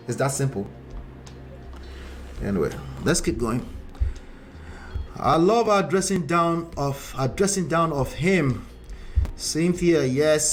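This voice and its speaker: A man hosts a live stream and coaches viewers on relationships. He lectures bluntly and turns to the men listening. His voice sits at a middle pitch, with faint noise behind it. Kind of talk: live-stream chat reading viewer comments.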